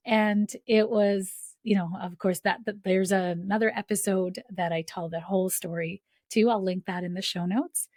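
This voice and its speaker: A woman's voice: mid-range voice, fairly even intonation, normal speed, few pauses, darkish tone, dry recording, studio quality. A woman hosting a podcast, telling a personal story in a chatty, filler-heavy way, often laughing and acting out the voices of people she quotes. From Canada. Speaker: podcast host.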